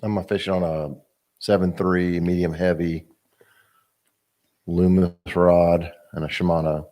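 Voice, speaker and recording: Low-voiced man talking fishing gear. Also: flat delivery, measured pace, warm tone. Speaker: guest angler. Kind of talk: casual chat.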